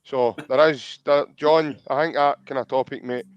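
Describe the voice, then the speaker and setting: A man's voice: medium pitch, steady tone, moderate pace, clean tone, no echo, muffled recording. A man with a Scottish accent hosting a podcast in casual chat, reading out viewer comments and calling his co-host mate. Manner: chatty, calls co-host mate.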